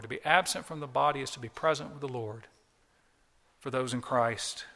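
A man delivers an earnest, emphatic sermon from the pulpit. His voice is bright and forceful, and it carries a long church hall reverb. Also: mid-range voice, brisk, vocal fry. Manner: earnest, emphatic preaching with repetitions. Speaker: pastor.

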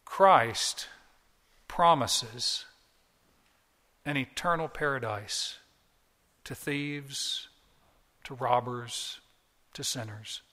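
A man's voice: mid-range voice, extremely slow, pauses often, pushed and bright, long reverb tail. A man preaching a sermon as pastor, earnest and emphatic, often repeating key phrases. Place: church.

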